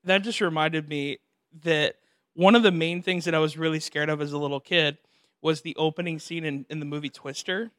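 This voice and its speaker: A young man hosting a podcast, telling animated stories in a casual chat and acting out the voices in them. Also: on the high side, a little fast, no echo, studio quality. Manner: animated storyteller, acts out voices and laughs often. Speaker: podcast host.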